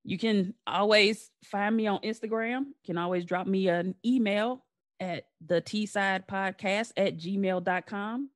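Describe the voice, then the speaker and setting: A woman with a medium-pitched voice and measured pace hosts her own podcast, casually chatting with her brother. She laughs often and closes with friendly, warm patter.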